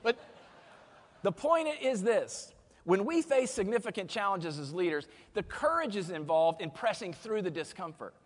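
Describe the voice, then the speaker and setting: An energetic man delivers a motivational keynote on stage, his voice pitched notably high for a man. Long reverb from a big conference hall trails every phrase. He jokes with the crowd and coaches them through quick exercises. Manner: energetic, humorous, leads the audience through exercises. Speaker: keynote speaker.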